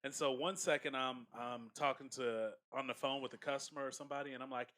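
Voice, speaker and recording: A man co-hosting a podcast in casual chat, telling work stories and loudly acting out the voices in them. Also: medium pitch, fairly even intonation, fast talker. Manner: acts out customers in loud raised voices. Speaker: podcast co-host.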